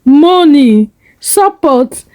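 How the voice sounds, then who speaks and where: A man's voice: very high-pitched, lively intonation, very slow, a little mellow, no room sound, heavily acted. A woman voicing a desperate estranged father who pleads with his children in a shaky voice. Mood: pleading.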